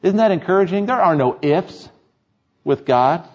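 A man's voice: high-pitched, lively intonation, moderate pace, darkish tone. A man preaching a sermon, reading scripture and asking the congregation rhetorical questions in an earnest, emphatic way. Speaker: pastor. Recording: dull lo-fi sermon recording.

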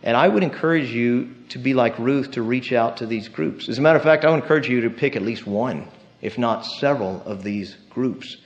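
Pastor preaching, muffled recording. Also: male voice, mid-range voice, fairly quick. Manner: conversational, storytelling with tag questions. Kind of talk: sermon.

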